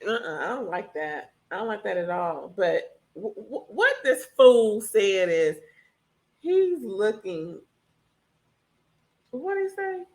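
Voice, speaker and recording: A woman reviewing a reality TV reunion in casual chat, animated and opinionated, swearing freely. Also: medium pitch, slow, long pauses.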